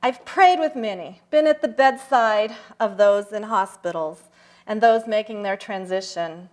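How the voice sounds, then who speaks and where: An older woman giving a personal talk at a church service, telling stories reflectively with slow, emphatic pauses. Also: mid-range voice. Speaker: guest speaker. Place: church sanctuary.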